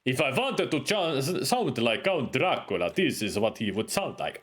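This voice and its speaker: A man's voice: medium pitch, very animated, moderate pace, few pauses, a bit bright. A man giving casual gameplay commentary as a streamer, with joking, self-deprecating asides. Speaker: let's play streamer.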